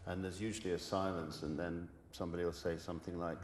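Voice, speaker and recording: An older man, a musician guest speaking haltingly with many restarts in a radio studio interview. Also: deep voice, little pitch movement, roomy sound, big-room sound. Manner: halting, many restarts, soft-spoken, sings with guitar. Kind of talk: relaxed interview with sung and played song snippets.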